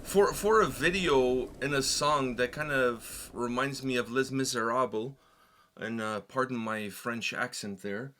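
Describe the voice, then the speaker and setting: A man's voice: mid-range voice, measured pace, hardly any pauses, a bit bright, a little hiss or hum. A man co-hosting a music reaction video, talking casually and animatedly, with many fillers and repeated phrases. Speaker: reaction channel co-host.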